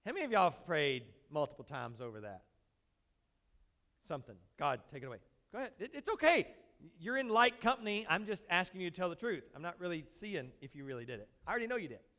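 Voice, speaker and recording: A pastor preaching a sermon, acting out pleading prayers loudly, then dropping low and quiet. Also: male voice, big pitch swings, fast talker.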